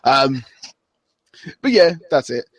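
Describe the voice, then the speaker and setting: A man's voice: mid-range voice, sing-song, takes it slowly, husky, dry recording. Rambling male podcast co-host, dry sound. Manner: loose and rambling, acts out wrestlers' lines with laughs. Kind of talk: casual chat.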